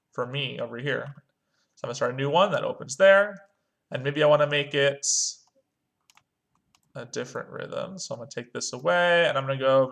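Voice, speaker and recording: 中音男老师，声音略带沙哑. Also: male voice, mid-range voice, gravelly, a bit bright. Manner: talks through clicks step by step, chants rhythm syllables. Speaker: music teacher. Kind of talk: screen-recorded online lesson.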